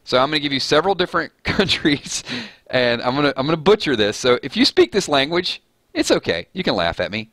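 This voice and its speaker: A man's voice: fairly high pitch, very animated, a little fast, bright, forceful tone, no room sound. A man with a Southern US accent hosting a casual live chat, reading viewer comments aloud and joking at his own expense. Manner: chatty, reads viewer comments aloud, joking and self-mocking.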